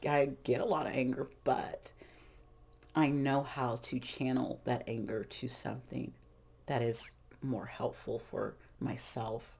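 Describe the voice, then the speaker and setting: A middle-aged woman talks through a tarot session in a loose, frank, rambling way. Her voice sits low with a gravelly, fried edge. She often breaks off and restarts her sentences. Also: darkish tone. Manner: rambling, frank, self-interrupting. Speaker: tarot reader. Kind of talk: casual spiritual talk.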